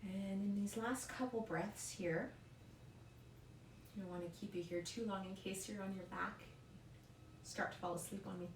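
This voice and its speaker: A woman leading a yoga class in a calm, encouraging way, often checking in with "right?". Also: mid-range voice, normal speed, pauses often, slight background noise. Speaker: yoga instructor. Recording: roomy echo, mic at a distance.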